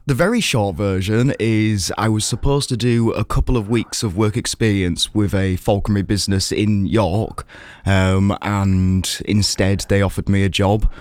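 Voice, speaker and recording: A man's voice: fairly low pitch, fairly even intonation, measured pace, darkish tone, dry recording. Young Yorkshire man, friendly falconer. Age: 20s. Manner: friendly, enthusiastic, a bit self-deprecating. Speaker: falconer guest. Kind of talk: studio interview. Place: radio studio.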